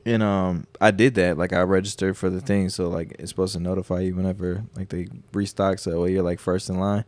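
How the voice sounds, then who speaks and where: A young man co-hosting a podcast in casual chat, laid-back and quick with short reactions. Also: deep voice, little pitch movement, darkish tone, dry recording. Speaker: podcast co-host.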